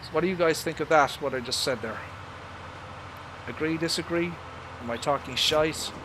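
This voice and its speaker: A man's voice: a little high, normal speed, background noise. An Irish man casually commenting on a farming game he is playing live, rambling through his opinions and swearing at mishaps on screen. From Ireland. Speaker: livestreamer.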